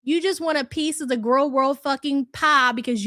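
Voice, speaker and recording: High-voiced woman ranting on a livestream. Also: normal speed, fairly bright tone, no echo, studio quality. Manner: aggressive, swearing, sarcastic. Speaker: livestream commentary host. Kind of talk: profane livestream rant.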